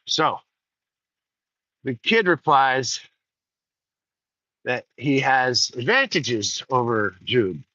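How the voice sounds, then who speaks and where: A man's voice: medium pitch, very animated, extremely slow, long pauses, sharp tone, dry recording. A man hosting a rambling walk-and-talk livestream outdoors by rice fields, chatty and digressive, on a dull lo-fi recording. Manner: digressive, chatty, folksy asides. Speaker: host.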